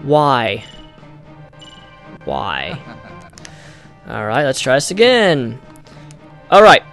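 A young man giving let's-play commentary on a console game. He sounds exasperated and breaks into loud, frustrated outbursts. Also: fairly high pitch, very animated, slow, soft background music. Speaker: gamer.

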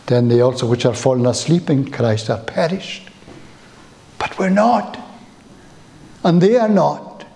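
A man preaching a sermon in a church, slow and emphatic, with rising exclamations. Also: mid-range voice, expressive, dark tone.

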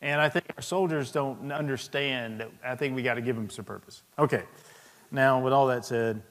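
In a large hall with long reverb, the Sergeant Major of the Army, a man in his fifties and senior army leader, tells personal anecdotes in a speech to an audience. His mid-range voice is fairly bright and moves at normal speed. He tells the stories in an anecdotal manner, with chuckling asides.

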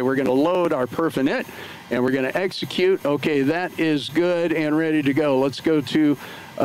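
A man's voice: fairly high pitch, a little hiss or hum, poor audio. A man livestreaming from his home flight sim setup, talking casually through each step with lots of filler words. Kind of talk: casual live play-by-play narration.

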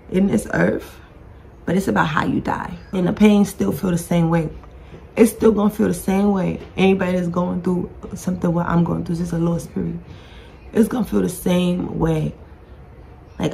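Gravelly, grieving woman venting to camera. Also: on the low side, a little mellow. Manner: blunt and emotional, swears, repeats herself. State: grieving, near tears. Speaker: podcast host. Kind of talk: emotional personal vlog monologue. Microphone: talking to her own camera.

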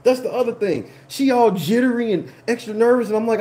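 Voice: medium pitch, fairly quick, few pauses, dark tone. A livestream host telling a story in a profane, laughing, indignant way. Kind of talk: animated casual storytelling.

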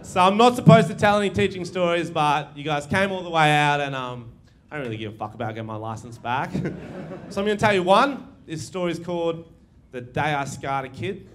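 Young Aussie stand-up, high-pitched and animated, crude delivery, noisy live room. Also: male voice, a little fast. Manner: crude, animated, acts out quoted voices. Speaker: stand-up comedian. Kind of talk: stand-up comedy storytelling. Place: live comedy venue with audience.

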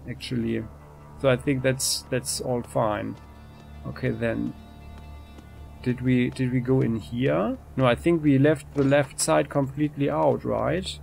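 Man, casual game commentary, gravelly, mid pitch, faint music behind. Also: slow, pauses often. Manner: relaxed, thinking aloud with restarts. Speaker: let's play host.

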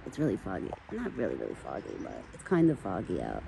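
A woman talks casually outdoors in a foggy forest, her pitch swinging widely as she coos pet talk at an animal. Her voice is mellow and dark in tone. A faint outdoor hiss sits behind her. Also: huge pitch swings, fast talker, creaky, poor audio. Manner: chatty, talks to the deer in affectionate pet talk. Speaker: vlogger feeding a wild deer.

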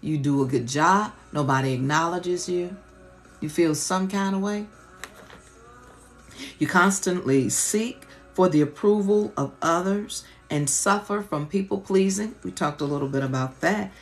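A woman's voice: on the low side, measured pace, soft background music. A woman preacher giving an impassioned, colloquial teaching sermon on a live stream, repeating rhetorical questions.

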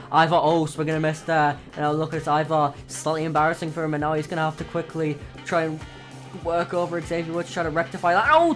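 A man, hoarse, calling wrestling matches from a video game in excited play-by-play, full of oaths and sudden exclamations. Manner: exclamatory, frequent oaths and gasps, swings loud and high. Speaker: play-by-play commentator for his own wrestling game.

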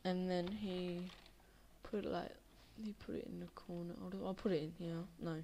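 Drowsy young woman, gravelly low voice. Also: fairly even intonation, normal speed, dark tone, a little hiss or hum. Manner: drowsy, rambling, many fillers. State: tired. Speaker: Minecraft video maker. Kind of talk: casual gameplay commentary.

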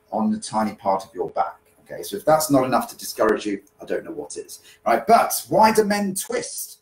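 A man's voice: mid-range voice, rough recording. Chatty male dance teacher checking in. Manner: chatty, repeats "okay?" to check in. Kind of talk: live-streamed dance lesson podcast.

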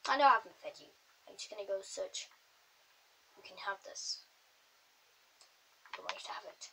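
A woman chatting through her game and talking to the animals in it, with sudden excited outbursts. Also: medium pitch, moderate pace, pauses often, slight background noise. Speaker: gamer. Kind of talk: casual gameplay commentary.

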